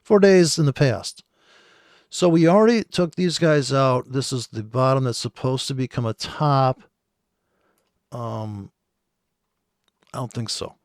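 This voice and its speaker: Male trader talking over charts, gravelly voice, dry close mic, rambling and sarcastic. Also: mid-range voice, measured pace, long pauses, no room sound. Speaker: forex trader. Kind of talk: casual screen-share trading commentary.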